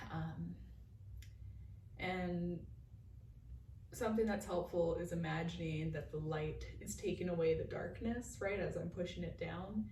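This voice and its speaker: A young woman talks through a guided meditation and morning chat in a soft, rambling manner, a little nervous. Her voice sits a touch low with a gravelly fry at the ends of phrases. Faint background hiss runs under the recording. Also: unhurried, pauses often. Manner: soft-spoken, rambling, nervous, with frequent fillers and laughs. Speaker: vlogger leading meditation and oracle card chat.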